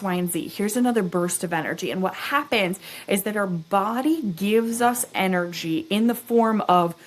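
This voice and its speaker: A young adult woman speaking as an interview guest, teaching as she talks. She paints pictures with words and keeps the listener with her through frequent check-ins. Her voice sits at an ordinary middle pitch. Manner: animated teaching, checks in with "right?" and "okay?". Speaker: guest expert on farm stress. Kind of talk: explanatory interview talk.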